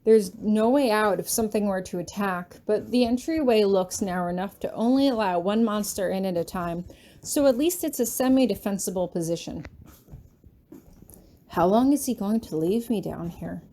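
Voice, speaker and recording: A woman reading a fan-written story aloud in the first person, steady and even with quiet tension. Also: mid-range voice, normal speed. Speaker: fanfiction reader. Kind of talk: first-person audiobook narration.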